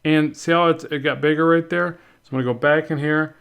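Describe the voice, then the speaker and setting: This art instructor's voice sits fairly high, gravelly yet a bit bright, clear and resonant, with a steady tone and a slightly fast pace. He narrates a drawing lesson in an easygoing way, thinking aloud, questioning himself, and fixing things as he works.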